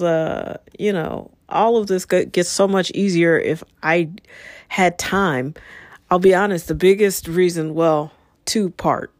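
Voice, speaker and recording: Brief: woman in her fifties, solo podcast host, lower voice, dry close sound, candid and rambling. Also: no echo. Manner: candid, rambling, frequent fillers and asides. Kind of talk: casual solo podcast monologue.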